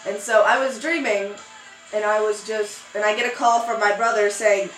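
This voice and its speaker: A young woman vlogger telling a story in a casual chat, animated and acting out quotes. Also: moderate pace, reverberant, faint music behind, poor audio. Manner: animated, acts out quotes with sudden high squeals.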